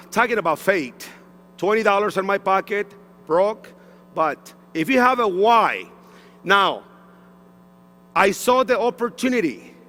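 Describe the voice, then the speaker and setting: A man's voice: sits high, sharp tone, big-room sound. A man from Mexico giving an emotional personal testimonial on stage, repeating himself, with broken English phrasing. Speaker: stage speaker at a sales event. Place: large event hall on stage.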